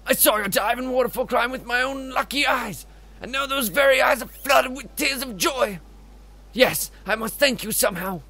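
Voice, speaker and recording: A man's voice: very high voice, normal speed, bright, forceful tone, soft background music, pitched above the performer's own voice, full character voice. A man voicing a flamboyant male fish-man obsessed with diving, with a put-on Scottish accent and a grandiose, exclamatory manner. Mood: ecstatic. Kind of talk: reading game dialogue aloud.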